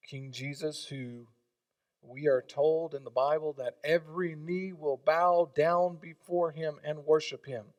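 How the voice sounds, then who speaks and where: A pastor delivering an impassioned sermon in a fairly high voice. He swings between forceful emphatic lines and near-whispered asides. The recording is dry and he sits a little away from the mic. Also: steady tone, unhurried, no echo, recorded from a distance. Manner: impassioned preaching, swinging from loud to hushed.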